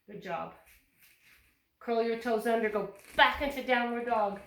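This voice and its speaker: Echoey yoga teacher guiding young children. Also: female voice, fairly high pitch, measured pace, gravelly, a bit bright. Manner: cheerful, encouraging step-by-step instructions. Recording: echoey room, voice from a distance.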